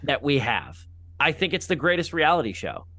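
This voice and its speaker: A man's voice: on the high side, big pitch swings, moderate pace, sharp tone, no echo. A man hosting a casual movie podcast, chatty and rambling, with self-deprecating jokes and the odd swear word. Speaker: podcast host.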